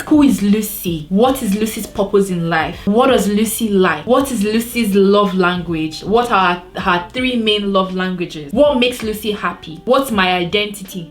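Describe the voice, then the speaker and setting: A woman from Nigeria with a Nigerian accent, giving earnest motivational advice to camera in a vlog. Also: medium pitch. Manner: earnest, advising, asks rhetorical questions. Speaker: vlogger.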